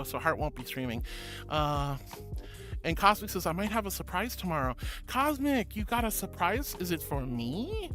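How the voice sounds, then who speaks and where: A woman streamer chats casually and reads out viewer messages, sweet and affectionate, her voice leaping up high whenever she greets people.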